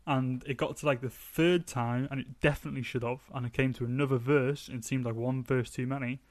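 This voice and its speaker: Young man, podcast co-host, casual music chat, opinionated, laughs often, mid pitch, dry sound. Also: fairly even intonation, a little fast, a little mellow, dry recording. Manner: chatty, opinionated, laughs easily.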